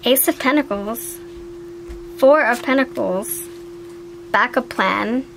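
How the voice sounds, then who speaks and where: A woman giving a casual, chatty tarot card reading, animated and talkative. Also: a little high, takes it slowly, vocal fry, slight background noise, poor audio. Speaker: tarot reader.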